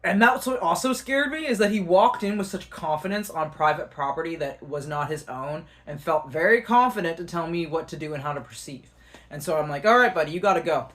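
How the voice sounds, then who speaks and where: A man telling a story to the camera in an animated way. He uses lots of fillers and swears now and then. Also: a little high, a little fast. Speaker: vlogger.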